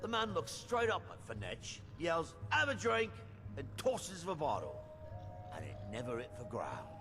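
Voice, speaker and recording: Lively game innkeeper. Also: male voice, fairly high pitch, measured pace, music in the background, heavily acted. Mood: storytelling. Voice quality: animated storyteller. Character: gruff male innkeeper spinning a yarn. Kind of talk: game dialogue.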